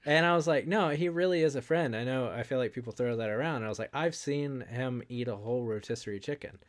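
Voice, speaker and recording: A man with a medium-pitched voice, chatting casually. He retells little stories and acts out the quoted dialogue as he goes. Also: quick pace. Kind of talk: casual conversation.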